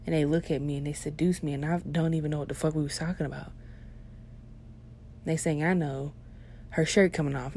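A young woman delivering a profane comedic rant, swinging between hushed asides and loud outbursts. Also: deep voice. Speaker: vlogger.

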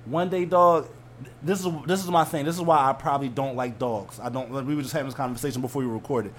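A man hosting a podcast, telling stories in a casual, profane, animated way. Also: mid-range voice, fast, a little hiss or hum. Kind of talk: casual chat.

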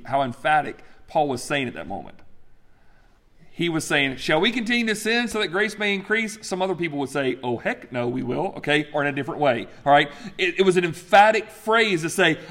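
A pastor gives a teaching sermon in an emphatic, animated style, frequently breaking off to restart a phrase or tossing in "right?" His voice is slightly high for a man and echoes with the long reverb of a large hall.

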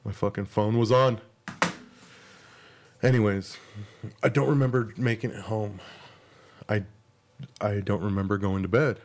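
A man's voice: on the low side, fairly even intonation, a little slow, long pauses, darkish tone. A young man hosting a podcast, telling a rambling, profane story about himself in a casual, self-mocking way. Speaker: podcast host.

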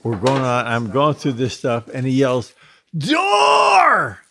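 Animated man telling a story. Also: mid-range voice, normal speed. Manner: animated, vivid storytelling with restarts. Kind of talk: casual spoken anecdote.

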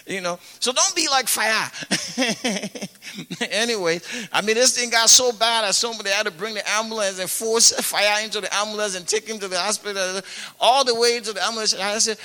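Man from africa, preacher, storytelling sermon, high voice, very bright tone, echoing hall. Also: normal speed. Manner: chatty, peppered with "you know" and laughter. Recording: echoey hall with long reverb.

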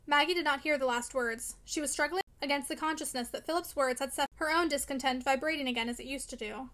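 A woman narrating a classic novel aloud at a brisk, steady pace. Her voice is high and bright and keeps moving quickly through the prose. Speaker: audiobook reader.

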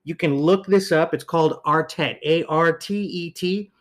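A man hosting a casual chat show, talking in fast, rambling bursts full of fillers and teasing his co-host. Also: fairly high pitch.

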